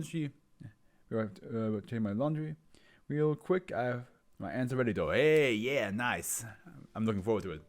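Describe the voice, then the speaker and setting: A man's voice: medium pitch, lively intonation, moderate pace. A man reading a story aloud who breaks off for chatty, laughing asides. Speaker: story reader. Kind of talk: casual reading aloud with character voices.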